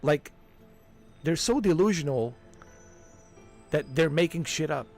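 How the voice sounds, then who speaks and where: A livestream gamer rants casually but heatedly, swearing and dropping "man" and "dude" to drive his points in. His voice is a little high and a little mellow with lively intonation, he takes his time, and faint music plays behind him.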